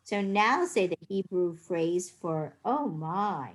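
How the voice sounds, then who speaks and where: Patient woman teaching slowly. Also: lowish voice, animated. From United States. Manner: slow, patient, sounding words out clearly. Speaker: teacher of a Hebrew reading class. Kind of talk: online class teaching.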